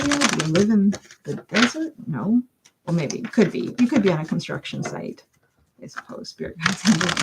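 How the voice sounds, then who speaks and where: A woman's voice: on the low side, heavy background noise. A woman doing a chatty live-stream tarot reading, thinking aloud with lots of fillers and giggling now and then. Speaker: tarot reader. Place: home.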